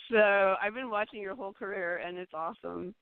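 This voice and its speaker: A woman calling in to a talk show, chatty and excited, giggling often as she speaks. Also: mid-range voice, normal speed, clear, resonant tone, dry recording. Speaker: caller. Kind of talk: casual phone call-in. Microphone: phone. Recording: tinny dry phone line.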